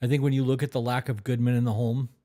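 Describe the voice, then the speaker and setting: A man's voice: medium pitch, little pitch movement, quick pace, mellow. Earnest, profane man podcast co-host. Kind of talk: casual podcast chat.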